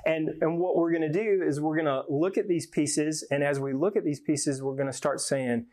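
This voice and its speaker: Man, conference speaker, slightly high voice, folksy humor, lots of word repeats. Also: fairly even intonation, normal speed, a little mellow. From Georgia, USA. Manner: folksy, joking, repeats words often. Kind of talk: live conference talk.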